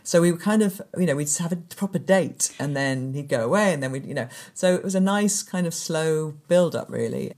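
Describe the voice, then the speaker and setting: A woman's voice: deep voice, brisk, few pauses. A woman in her forties, a sports presenter, chatting as a guest and animatedly telling stories. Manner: animated storyteller, acts out quoted voices. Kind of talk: casual interview chat.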